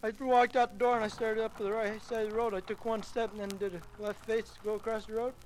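A man's voice: sits high, flat delivery, quick pace, a little mellow, a little hiss or hum, low-quality recording. A man, an air force recruit, briefly recounting being chewed out in a matter-of-fact way. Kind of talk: casual anecdote.

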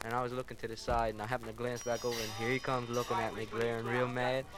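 Young recruit telling a story over noise. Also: male voice, mid-range voice, fast. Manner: animated storytelling. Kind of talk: casual anecdote. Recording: noisy field recording.

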